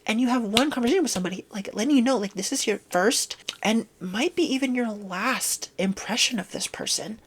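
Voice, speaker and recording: A woman vlogger ranting in a casual monologue, animated and exasperated, swearing freely. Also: medium pitch, fairly quick, hardly any pauses, husky.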